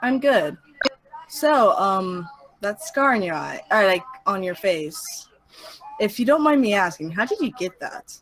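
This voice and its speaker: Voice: mid-range voice, sing-song, a little slow, a bit bright, low-quality recording. A player voicing a timid, friendly young male vampire who feels small. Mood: nervous.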